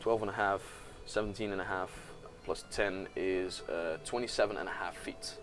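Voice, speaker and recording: A man narrating a tabletop role-playing game as game master, calmly describing attacks and rolls. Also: deep voice, normal speed, soft background music. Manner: relaxed, narrates dice results and gory descriptions.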